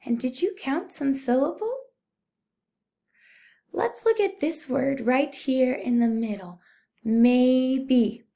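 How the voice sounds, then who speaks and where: A young woman teacher giving a recorded phonics lesson to young children, speaking slowly and clearly, patient and encouraging. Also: high voice, warm tone. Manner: slow, clear, patient teaching voice, addressing "boys and girls". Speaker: first-grade teacher.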